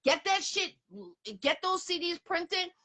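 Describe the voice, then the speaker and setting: A woman's voice: extremely high pitch, steady tone, takes it slowly, bright, forceful tone. A woman hosting a casual interview, talking emphatically and repeating her points. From Boston area. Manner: emphatic, repeats herself, promotional. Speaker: host.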